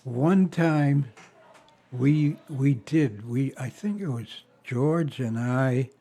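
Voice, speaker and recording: A man's voice: mid-range voice, extremely slow, dark tone. An older man tells family stories in a rambling way, chuckling often and stopping to restart. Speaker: family member sharing memories. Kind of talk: casual storytelling.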